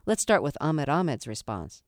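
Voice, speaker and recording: A woman hosting a radio interview, reading a measured introduction and asking calm questions. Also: sits low, dry recording, studio quality.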